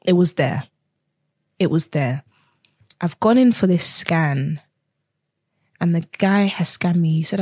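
A young woman tells her own story in earnest, acting out the voices of people she met along the way. Her voice sits a little low and has a husky edge. The recording is dry, with no room sound around her. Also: slow, long pauses, darkish tone, dry recording. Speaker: guest. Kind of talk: personal testimony in a conversation.

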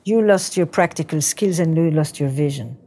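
Woman therapist, Belgian accent, mellow low voice, probing and patterned. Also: normal speed. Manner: probing, builds ideas in repeating patterns. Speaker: couples therapist. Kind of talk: therapy session guidance.

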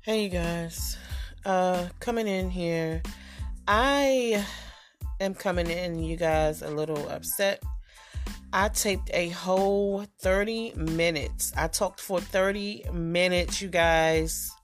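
A woman's voice: on the low side, slow, soft background music. Frustrated woman podcaster talking to listeners. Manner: talks straight to listeners, frustrated and candid. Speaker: podcast host. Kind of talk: casual solo podcast chat.

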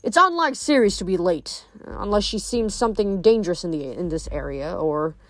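A woman's voice: fairly low pitch, expressive, moderate pace, no room sound, lightly acted. A woman reading as a snippy bored wine god. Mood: dismissive.

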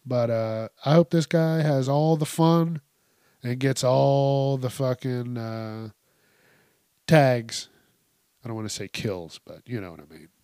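A male podcast host rambles through a comic story, cursing constantly and breaking into laughter. His pitch sits mid-range, and the sound is dry and close. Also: slow pace, dark tone, clean tone, dry recording. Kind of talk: casual comedic monologue.

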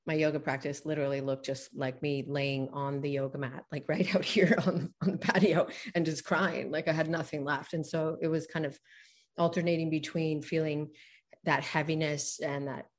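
A woman's voice: sits low, little pitch movement, normal speed. A woman guest telling a personal story in a conversation, earnest and reflective, laughing often and saying "like" a lot.

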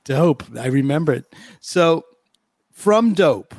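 A male host with a slightly high voice leads a relaxed, joking interview. His voice sounds dry and close, with no room in it. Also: takes it slowly, dry recording. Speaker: podcast host. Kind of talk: casual interview.

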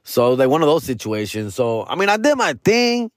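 A man from Los Angeles, a comedian, telling a story in a casual, profane, slangy way, dropping Spanish words and swinging his pitch and loudness. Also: very animated, moderate pace, no room sound, clean studio sound. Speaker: stand-up comedian, podcast host.

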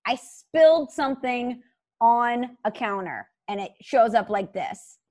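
A woman in her thirties, an earnest and animated storyteller, chatting casually as co-host. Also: on the high side, a little slow. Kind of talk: casual chat.

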